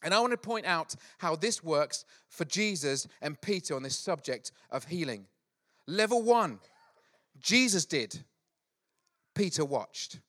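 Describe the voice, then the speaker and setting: A middle-aged pastor delivers a sermon, recounting Bible stories with lively humor and quick acted-out asides. His voice is fairly high-pitched.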